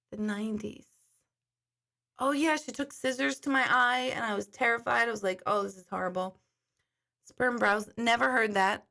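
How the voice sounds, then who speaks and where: Chatty woman with a gravelly voice. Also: a little high, fairly bright tone. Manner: chatty storytelling, reads viewer comments aloud. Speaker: intuitive hosting a live stream. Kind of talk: casual live-stream chat.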